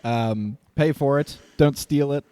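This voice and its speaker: A man's voice: mid-range voice, unhurried, mellow, clean tone, no room sound. A man hosting a podcast in casual chat, joking and laughing often. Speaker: podcast host.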